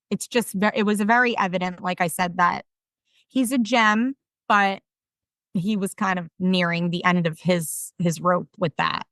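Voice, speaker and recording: A woman in her thirties with a South Jersey accent, a podcast guest telling stories in an animated, self-deprecating way. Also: fairly low pitch, normal speed, no echo. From South Jersey, USA. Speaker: podcast guest, game show winner. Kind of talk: casual storytelling interview.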